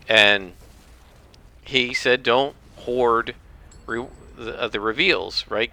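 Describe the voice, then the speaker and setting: Opinionated male podcast host, bright cutting tone, dry sound. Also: fairly low pitch, no echo. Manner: rambling, opinionated. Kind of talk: casual solo commentary.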